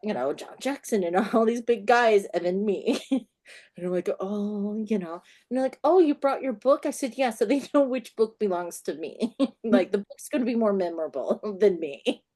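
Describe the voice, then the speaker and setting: A woman author as an interview guest, telling stories in an animated way, often laughing and acting out the people in them. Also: mid-range voice, moderate pace. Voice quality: acts out the people in her stories.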